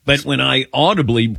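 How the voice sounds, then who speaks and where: Male talk radio host, lowish and animated, quick to laugh at himself, dry sound. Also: dry recording. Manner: laughs readily, self-mocking. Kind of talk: casual call-in chat.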